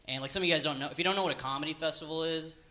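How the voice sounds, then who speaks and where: A man's voice: on the high side, racing, sharp tone. A man doing a stand-up comedy set at a live venue, rambling and self-deprecating, with lots of fillers. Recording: live room with audible noise.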